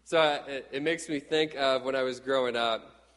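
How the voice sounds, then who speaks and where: A middle-aged man from Texas preaching a sermon in a lively, conversational way, often acting out quotes. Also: medium pitch, moderate pace, in a large hall. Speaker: pastor.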